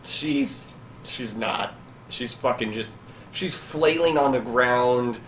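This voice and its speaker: Animated man narrating a game, echoey room. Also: medium pitch, takes it slowly, a little hiss or hum. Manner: loose, laughing, vivid storytelling. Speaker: game master. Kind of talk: narrating a tabletop game with friends. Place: indoors at a LAN party.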